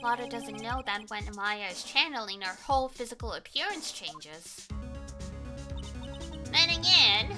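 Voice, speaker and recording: A woman's voice: fairly high pitch, expressive, measured pace, over music, voice pushed down. A woman voicing a young male defense lawyer, earnest and easily flustered. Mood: wary.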